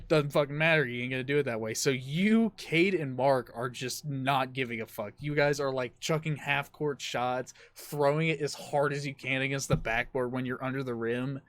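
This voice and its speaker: A man's voice: medium pitch, moderate pace, few pauses, a bit bright, no room sound. Young man, podcast host, casual chat, rambling, profane. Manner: swears freely, rambling storytelling with laughs.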